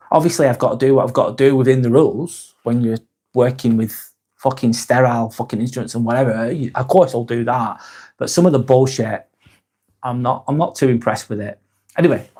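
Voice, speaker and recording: A man's voice: medium pitch, a little mellow. A man hosting a live vlog, chatting casually and reading out viewer comments, frank and blunt with plenty of swearing.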